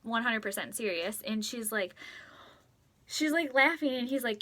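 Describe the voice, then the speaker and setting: Woman, thirties, home vlogger telling a story to camera. Chatty, excitable, slightly high, bright-toned. Acts out others' lines. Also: moderate pace. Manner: chatty, excitable, lots of "like" and quoted dialogue. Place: at home, in a closet.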